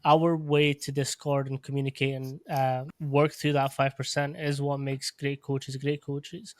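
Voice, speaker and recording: A man who coaches athletes and hosts a podcast, talking in a measured, reflective way. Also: mid-range voice, flat delivery, no room sound, clean studio sound. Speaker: podcast host, strength coach. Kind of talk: casual podcast conversation.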